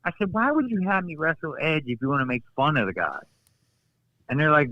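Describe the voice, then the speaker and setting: Animated man telling wrestling stories. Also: a little high, fairly quick, no room sound, highs cut off. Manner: animated storyteller, acts out quotes, laughs often. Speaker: guest, former wrestler. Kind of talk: casual storytelling interview.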